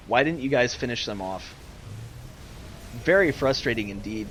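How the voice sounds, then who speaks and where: A young man casting a live online strategy game, ranting and exasperated, swinging between loud outbursts and muttered asides. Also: fairly low pitch, normal speed, slight background noise. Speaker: game caster and streamer.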